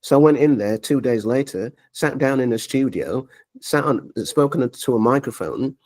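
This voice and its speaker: Animated man telling stories. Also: medium pitch, moderate pace. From Leeds, England. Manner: animated storyteller, acts out quoted dialogue. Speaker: interview guest, media coach. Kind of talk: storytelling interview.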